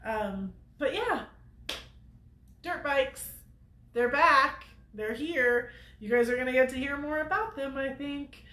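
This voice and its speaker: A woman's voice: high voice, slow pace, bright, forceful tone, reverberant, slight background noise. A woman hosting a weekly show, telling a story to viewers in a chatty way and laughing often. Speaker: host of a weekly off-road show.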